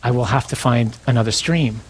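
A man voicing a frightened, thirsty little girl in a retold storybook scene, speaking slowly and hesitantly. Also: medium pitch, breathy edge, lightly acted.

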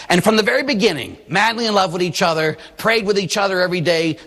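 A man preaching a sermon as a priest, with a slightly husky, fairly high voice that swings widely as he tells stories. He acts out the people he quotes, and a long reverb trails his words as in a large hall. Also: a bit bright. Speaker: Catholic priest.

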